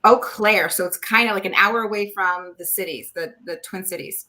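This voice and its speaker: A woman's voice: mid-range voice, normal speed, sharp tone. A woman from New England chatting casually, rambling with many fillers and restarts. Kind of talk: casual chat.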